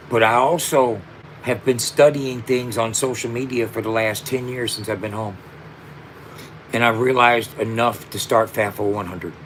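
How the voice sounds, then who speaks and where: A man's voice: fairly low pitch, a bit bright, slight background noise. Emotional, emphatic rapper in his fifties. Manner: emphatic, repetitive, street slang, emotional. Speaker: rapper and platform founder. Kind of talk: heartfelt direct-to-camera monologue.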